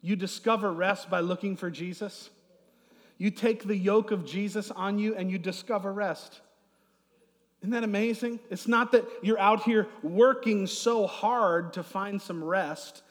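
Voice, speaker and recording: Middle-aged pastor guy preaching on a stage mic, high voice, long hall echo. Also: steady tone, a little slow. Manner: dynamic preacher, swings from loud to soft. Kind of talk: sermon. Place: church hall.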